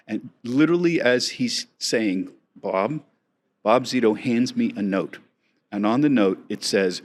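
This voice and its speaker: Guy in his 60s, lowish voice, rambling anecdotes w lots of laughs. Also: moderate pace. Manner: chatty, laughs often, many restarts. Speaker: guest, markets correspondent. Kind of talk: storytelling interview chat.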